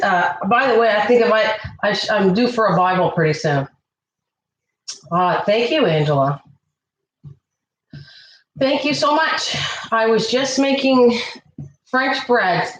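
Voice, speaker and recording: A woman hosting a casual cooking livestream, chatting away and warmly thanking viewers by name from her kitchen. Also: mid-range voice, slight background noise. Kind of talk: casual live-stream chat. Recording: echoey room.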